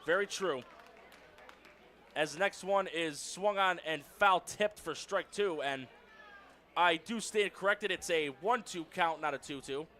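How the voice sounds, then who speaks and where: A man calling baseball play-by-play on radio, lively and rising on the big strikeouts. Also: high-pitched, unhurried. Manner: lively calls that rise on strikeouts. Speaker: play-by-play announcer.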